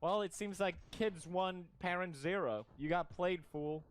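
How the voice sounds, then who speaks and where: A man's voice: high-pitched, measured pace, clean tone. A young man from Sweden, streaming casual commentary in a jokey, mock-outraged way and laughing often.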